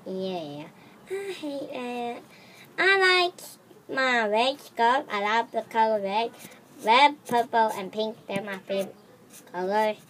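A woman voicing a chatty toy-pet girl with a high, lively voice. She talks plainly and slowly. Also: slight background noise. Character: toy-pet girl who loves red.

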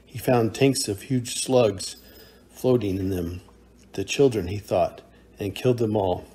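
A man narrating a science fiction short story in a measured, steady reading. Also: on the low side, slightly rough.

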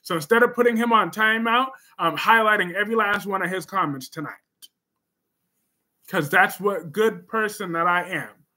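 A man hosting a casual livestream, reading viewer comments in a sassy, emphatic way with sudden loud bursts. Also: high-pitched, moderate pace.

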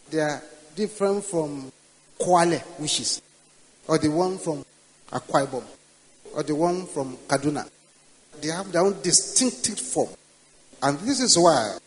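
An older Nigerian pastor preaches, his voice sitting high. He swings from plain storytelling into loud, commanding prayer declarations. A long hall reverb trails after every phrase. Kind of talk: sermon with prayer.

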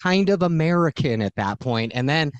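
Bubbly Southern California woman host, lower voice with big pitch swings. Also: normal speed, dry recording, lo-fi sound. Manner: bubbly, animated, playful. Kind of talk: casual interview chat.

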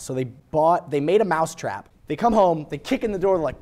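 A man's voice: on the high side, fairly quick, hardly any pauses. A man co-hosting a podcast, telling a story in casual chat and acting out the people in it. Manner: animated, acts out voices in his story. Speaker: podcast co-host.

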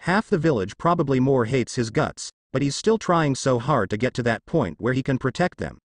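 An earnest, kind young ninja teacher in his twenties, voiced by a man reading a fan story. He speaks sincerely, with a lively, varied pitch. The voice is recorded close and dry. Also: normal speed, dry recording.

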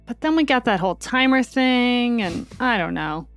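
A woman's voice: a little high, lively intonation, moderate pace, no echo, soft background music. A woman playfully describing her character's actions in a tabletop game. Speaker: player.

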